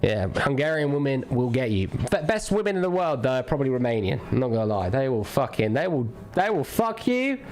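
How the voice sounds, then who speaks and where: A man's voice: mid-range voice, sing-song, brisk, few pauses, a little mellow, faint music behind. A man streaming a game, ranting crudely and jokingly in a rambling, casual chat. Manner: rambling, crude, jokey rants.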